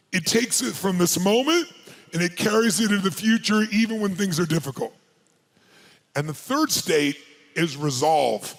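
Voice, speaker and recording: A man giving a live seminar address as a motivational speaker, firing rapid questions and commands at the audience. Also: high voice. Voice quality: gravelly, husky voice.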